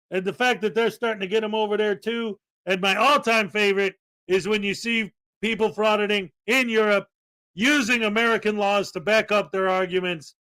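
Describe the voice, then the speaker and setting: A man hosting a casual livestream chat, talking in a loud, playful, jokey way and often shouting. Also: high-pitched. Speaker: show host.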